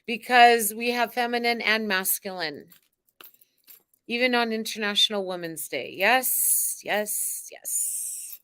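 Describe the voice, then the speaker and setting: Slow, bright-voiced woman card reader. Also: fairly high pitch, clean tone. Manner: exuberant, theatrical, chanting and cheering. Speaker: spiritual card-reading host. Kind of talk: live spiritual card reading.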